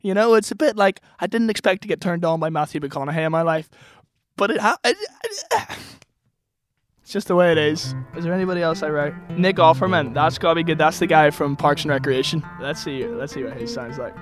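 A man's voice: on the high side, expressive, a little fast. A young man with a Northern Irish accent, chatting casually as a singer-songwriter guest, laughing often and poking fun at himself. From Northern Ireland. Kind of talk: casual chat. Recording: music playing behind the voice.

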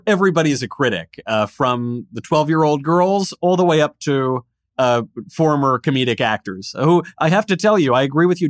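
Podcast host guy, jokey, mid pitch, super dry studio sound. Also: dry recording. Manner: chatty, joking, hesitant fillers. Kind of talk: hosted interview.

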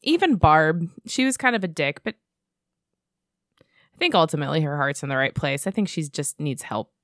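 A young woman co-hosting a casual movie podcast, blunt and quick to laugh. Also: low-pitched, expressive, a bit bright, dry recording, clean studio sound. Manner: laughs often, frank and blunt. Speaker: podcast co-host.

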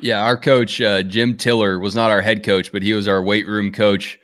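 A man's voice: lowish voice, level tone, normal speed, fairly bright tone, no room sound, clean studio sound. A man hosting an interview show, easygoing and asking long, rambling questions. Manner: easygoing, laughs along, asks long questions. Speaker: show host. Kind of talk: interview conversation.

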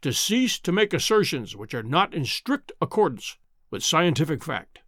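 A man voicing a gruff, bearded male professor who talks in a booming bellow in an audiobook reading. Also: big pitch swings, moderate pace, a bit bright, no echo, clean studio sound. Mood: defiant. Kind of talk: audiobook character voice.

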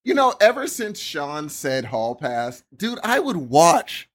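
A man co-hosting a podcast, joking and chiming in excitably. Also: fairly high pitch, slow. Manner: excitable, jokey. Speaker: podcast co-host. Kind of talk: casual chat.

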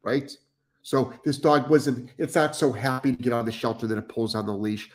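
A man's voice: mid-range voice, normal speed. A middle-aged man hosting a live stream as a dog trainer, blunt and profane, repeating himself for emphasis as he reads chat comments.

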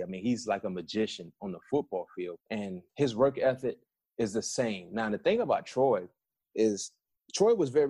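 A middle-aged man from South Florida, a former football player, telling lively stories in a casual interview and acting out the quotes. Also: mid-range voice, husky, dry recording. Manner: animated, repeats and restarts, acts out quotes.

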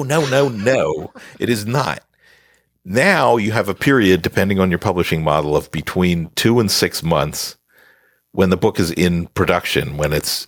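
Deep-voiced man giving emphatic advice. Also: no room sound, clean studio sound. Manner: emphatic, lecturing with playful scolding. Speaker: author guest. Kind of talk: podcast interview, explaining advice.

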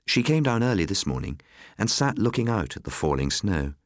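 Low voiced guy reading a story out, lively pitch, dry close sound. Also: brisk, dry recording. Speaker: narrator. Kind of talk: scripted storybook narration.

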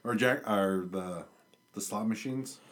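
A man's voice: lowish voice, unhurried. A man co-hosting a casual podcast, reading odd news stories aloud and laughing often. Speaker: podcast co-host.

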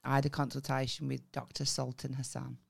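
A woman's voice: rumbling low, flat delivery, a little fast, vocal fry, breathy edge. A woman co-hosting a comedy podcast, chatting casually and bluntly, swearing freely and laughing often.

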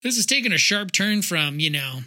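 A man co-hosting a podcast in casual chat, animated and swearing, acting out his reactions. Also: high-pitched, normal speed. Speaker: podcast co-host.

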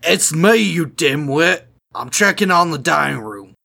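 Gruff, defensive guard pilfering from the kitchen, a man playing him in a tabletop game, gravelly and bright. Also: a little high, lively intonation, measured pace, voice pushed up, heavily acted. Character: sneaky male guard caught stealing food.

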